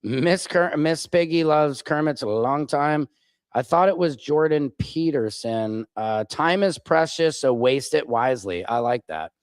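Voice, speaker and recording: A man's voice: a little high, lively intonation, measured pace, smooth, no room sound. A man, a stand-up comedian hosting his own show, chatting casually on a livestream and drifting off-topic with jokey asides. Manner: rambling, digressive, jokey asides.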